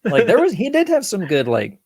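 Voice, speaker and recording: A man co-hosting a casual podcast about a film he rewatched. He talks it over in an animated way, acts out scenes and cracks jokes, often laughing. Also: sits high, a little fast, husky, no echo, studio quality. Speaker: podcast co-host. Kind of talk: casual film-review chat.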